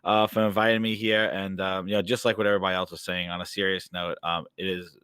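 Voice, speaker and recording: A man speaking as a guest on a gaming podcast, halting with many restarts. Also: deep voice, flat delivery, a bit bright, smooth, dry recording, studio quality. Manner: hesitant, lots of fillers and restarts. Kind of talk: casual podcast chat.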